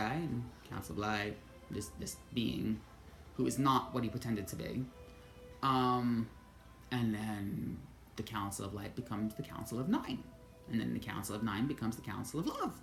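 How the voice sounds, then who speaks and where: This vlogger's voice is strikingly low as she delivers a personal storytelling monologue to camera at a moderate pace. Animated and quick to curse, she quotes her own thoughts out loud while gentle music plays faintly behind her.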